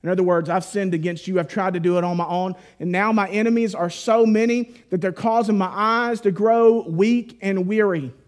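A man delivers a sermon in a high, bright-toned voice. He preaches with passion, his delivery surging and easing as he calls out directly to the church. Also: steady tone, moderate pace, few pauses. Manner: impassioned, rising and falling preaching with direct appeals to the congregation. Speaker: pastor.

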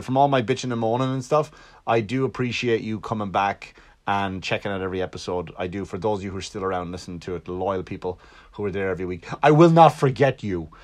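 An Irish man hosting his own podcast, rambling casually with profanity and self-mocking jokes. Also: fairly low pitch. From Ireland. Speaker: podcast host. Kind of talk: casual solo podcast monologue, comedic. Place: Long Island home.

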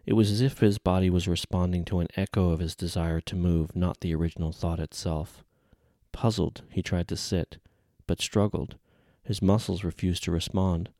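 A man reading a novel aloud in measured, even audiobook narration. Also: low voice, no room sound, studio quality.

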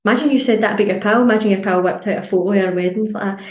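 A woman's voice: mid-range voice, rapid-fire. A Scottish woman coaching on women's health in a casual podcast monologue, blunt and sweary, telling stories with lots of energy. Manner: blunt, sweary, animated storytelling. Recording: roomy echo.

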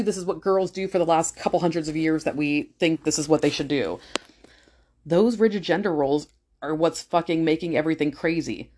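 Blunt, profane low-voiced woman. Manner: blunt and profane, frequent fillers. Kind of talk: casual opinion monologue.

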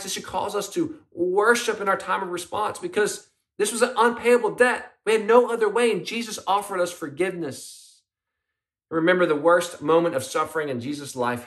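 High-voiced man preaching a sermon. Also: fairly bright tone. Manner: storytelling, acts out quoted characters with rising emphasis; conversational, asks the congregation questions. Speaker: pastor.

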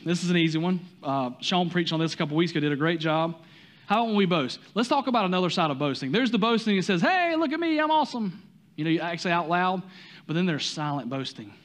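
A man with a Southern US accent preaching a sermon, talking to the congregation with many rhetorical questions and some stumbles. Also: on the high side. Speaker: pastor.

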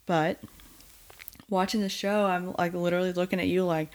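Animated woman, lowish voice. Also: moderate pace, long pauses. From American South. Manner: animated, ranting, emphatic. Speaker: podcast co-host. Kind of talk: casual chat reviewing a TV series.

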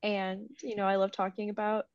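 A woman in her twenties in casual, reflective conversation, soft-spoken and quick to laugh. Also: mid-range voice, little pitch movement, no room sound. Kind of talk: casual chat. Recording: dry, slightly dull sound.

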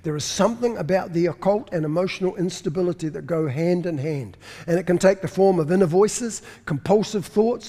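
A man's voice: high-pitched, dark tone. A pastor preaching a sermon, telling stories emphatically and often repeating words as he searches for the next one. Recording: long hall reverb.

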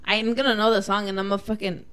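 A woman co-hosting a casual chat, animated and quick to laugh, swearing freely. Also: medium pitch, a crowd in the background. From Cuba.

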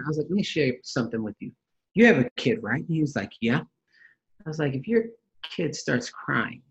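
A man's voice: fairly high pitch, animated, moderate pace, vocal fry. A young man, a guest in a casual conversation, telling stories with passion and acting out the dialogue. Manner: passionate storyteller, acts out dialogue.

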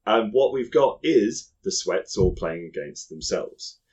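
A man's voice: fairly low pitch, animated, a little slow, darkish tone, breathy edge, muffled recording. A man co-hosting a podcast, chatting casually about games and swearing freely. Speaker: podcast co-host.

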